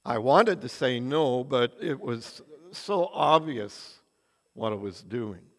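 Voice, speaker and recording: A man's voice: mid-range voice, animated, slow pace. An older man preaching a sermon in a church, telling stories with earnest, dramatic swings of emphasis. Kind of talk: sermon with anecdotes. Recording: long reverb of a large hall.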